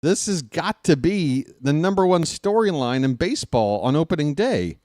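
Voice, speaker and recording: A man calling a game as a live fan play-by-play host in a casual, jokey way, jumping from shouted calls to mutters. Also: a little high, very animated, normal speed, no room sound, studio quality.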